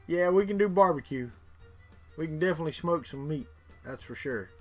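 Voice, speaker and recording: A man's voice: on the high side, expressive, normal speed, soft background music. A middle-aged man from Florida with a Southern accent, chatting casually with live viewers in a rambling way, repeating words and chuckling. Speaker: livestream host.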